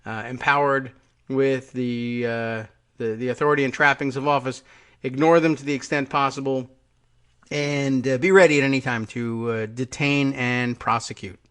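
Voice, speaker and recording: A man's voice: mid-range voice, steady tone, normal speed, a bit bright, clean tone. A man hosting a live political talk radio show, musing sarcastically in a rambling, hesitant way. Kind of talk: casual political talk monologue.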